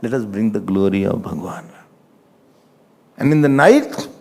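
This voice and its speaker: A man's voice: fairly low pitch, normal speed, gravelly, husky. A man with an Indian English accent giving a religious discourse, telling stories with chuckles and quoting scripture. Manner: animated, chuckling storyteller, quotes scripture. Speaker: spiritual teacher. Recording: reverberant lecture hall.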